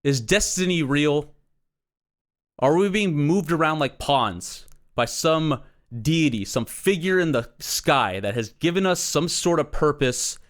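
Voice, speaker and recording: A man's voice: on the high side, expressive, measured pace, a bit bright. A young man telling a long, profane, exasperated comic rant with sarcastic asides. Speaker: comedy podcast host. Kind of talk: ranting comic monologue.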